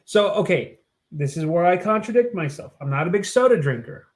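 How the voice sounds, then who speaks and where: A man's voice: high-pitched, expressive, brisk. A man co-hosting a podcast, talking in a laid-back, rambling way with lots of "like" and "you know". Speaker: podcast co-host. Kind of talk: casual chat.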